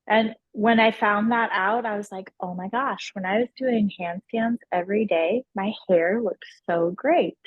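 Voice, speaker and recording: Woman chatting on a call, slow and easy, a bit muffled. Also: medium pitch. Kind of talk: casual chat. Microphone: video call.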